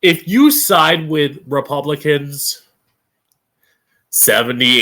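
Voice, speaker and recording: A man's voice: on the high side, very animated, fairly bright tone. A man hosting his own stream show, delivering a blunt, profane and sarcastic political rant, drawing out words for emphasis. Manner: emphatic, drawn-out stress on key words. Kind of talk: ranting political commentary.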